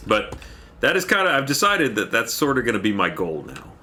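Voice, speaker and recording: A man's voice: mid-range voice, wildly swooping pitch, a little fast, pushed and bright. A man livestreaming a game, chatting casually, rambling and thanking viewers by name as he plays. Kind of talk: casual chat while playing a game.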